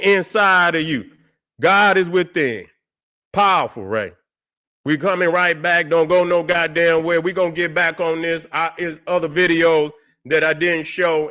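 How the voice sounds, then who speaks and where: A man hosting his own channel, ranting loudly and profanely, repeating himself and calling out to viewers. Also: high-pitched. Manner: loud, fiery and repetitive, swearing constantly; calls out to viewers, drawling and mocking at times. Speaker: channel host. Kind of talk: profane livestream rant.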